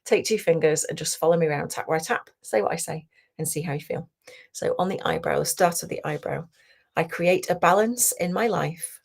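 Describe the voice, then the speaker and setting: A woman coach leading a guided tapping session, talking slowly and soothingly and often dropping to a whisper. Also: low-pitched, vocal fry, slightly rough. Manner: slow, soothing, softly guiding with whispered phrases.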